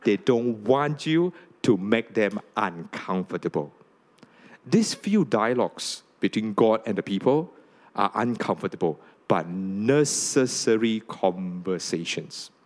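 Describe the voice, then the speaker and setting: A man preaching a sermon to a congregation, often asking "okay?" and "right?", and rising high when he reads scripture aloud. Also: expressive, slow, a little mellow. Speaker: pastor.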